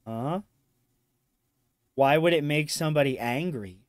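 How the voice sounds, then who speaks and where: A man's voice: a little high, unhurried. A man doing casual reaction commentary on a stream, ranting in an exasperated, profane and mocking way.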